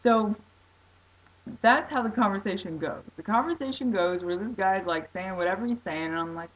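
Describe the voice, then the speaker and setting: A woman telling a story casually on her vlog, excitable and rambling, full of "like". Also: medium pitch, normal speed, slightly rough, dull audio. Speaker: vlogger.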